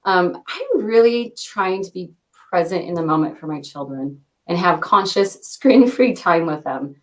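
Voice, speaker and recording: A woman in her thirties, a company director answering interview questions with a quick cadence and frequent light laughs. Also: lowish voice, very animated. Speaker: interview guest, product launch director.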